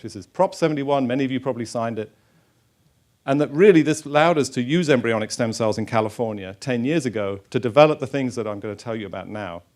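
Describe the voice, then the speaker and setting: Middle-aged guy giving a science talk, chatty, lots of uhs and restarts, normal pitch. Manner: informal, chatty, many fillers and restarts. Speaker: stem cell researcher giving a talk. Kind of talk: public science lecture with slides. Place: lecture hall.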